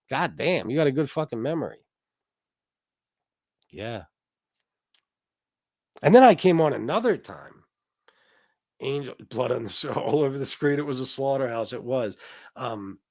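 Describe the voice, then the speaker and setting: A man's voice: medium pitch, no echo, studio quality. A middle-aged man hosting a livestream, telling brash, profane stories and answering his chat. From Sicilian heritage. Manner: brash, profane storytelling, reads chat aloud. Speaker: livestream host.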